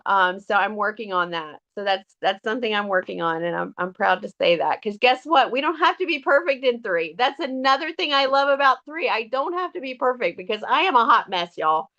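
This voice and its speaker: A woman's voice: on the high side, lively intonation, a little fast, hardly any pauses, bright, forceful tone. Chatty woman, lo-fi sound. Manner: chatty, earnest, many fillers and restarts. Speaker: direct sales team member. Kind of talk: casual motivational talk. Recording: dull lo-fi audio.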